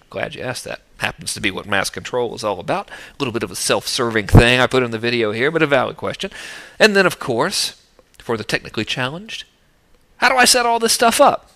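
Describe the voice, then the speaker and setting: A man's voice: mid-range voice, expressive, a little fast, pushed and bright. A middle-aged man teaching list building in a casual, jokey, self-mocking video talk.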